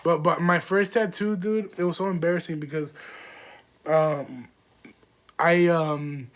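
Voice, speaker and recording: A young man with a notably high voice for a man tells loose, rambling stories on his podcast. He talks in slang, swears freely and fills his sentences with "like" and "um." It is an easygoing, solo monologue. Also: fairly even intonation, unhurried. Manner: rambling, profane, slangy, lots of fillers. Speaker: podcast host. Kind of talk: casual storytelling monologue.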